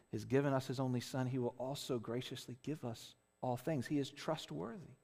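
A man's voice: medium pitch, a little mellow, in a large hall. A man preaching a conversational sermon as a pastor, earnest, often restarting phrases and checking in with "right?". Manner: earnest, with frequent restarts and tag questions.

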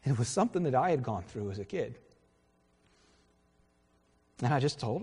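A man's voice: medium pitch, very animated, darkish tone, breathy edge. Middle-aged male pastor, earnest and conversational, long church reverb. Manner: earnest, conversational preaching with pauses and self-corrections. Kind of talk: sermon. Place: church sanctuary. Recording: reverberant hall.

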